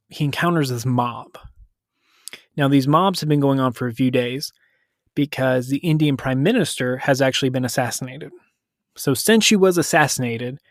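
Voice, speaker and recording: A man's voice: mid-range voice, dry recording, studio quality. A man hosting a podcast, casually retelling a story in a loose, conversational way. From United States. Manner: conversational, loose, self-correcting retelling with quick paraphrased quotes.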